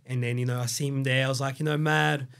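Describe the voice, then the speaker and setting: A man with an Australian accent, raised there after a Brazilian childhood, tells his story as a podcast guest. He rambles, swears freely and leans on fillers, in a voice of ordinary middle pitch. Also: little pitch movement, fast, gravelly, a bit bright. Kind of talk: casual storytelling interview.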